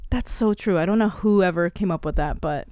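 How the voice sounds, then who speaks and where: A woman co-hosting a podcast in casual chat, animated and teasing, quick to laugh. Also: on the low side, clean tone, no room sound, studio quality. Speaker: podcast co-host.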